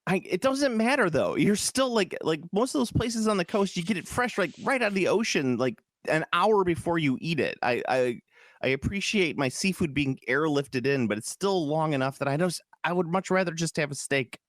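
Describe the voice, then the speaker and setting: A man's voice: on the high side, lively intonation, moderate pace, dry recording, studio quality. A man from Chicago co-hosting a podcast in casual chat, rambling and joking, swearing freely. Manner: rambling, jokey, swears freely, slips into mock voices. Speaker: podcast co-host.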